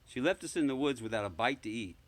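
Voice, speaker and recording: A man's voice: medium pitch, expressive, quick pace, close to an everyday voice. A man voicing a frightened little boy who stammers and pleads, in a storybook reading. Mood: pleading.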